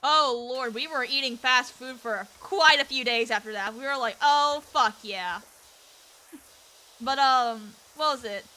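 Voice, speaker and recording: Woman, streamer, high voice, bright tone, casual rambling story, lots of fillers. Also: normal speed, few pauses. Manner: rambling, full of fillers and restarts; acts out quoted people in the story. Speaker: VTuber streamer. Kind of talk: casual storytelling while gaming.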